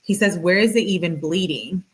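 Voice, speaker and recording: A woman's voice: on the low side, normal speed. A woman reading text messages aloud and reacting to them in a casual, slangy way with sarcastic asides. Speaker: true-crime commentator.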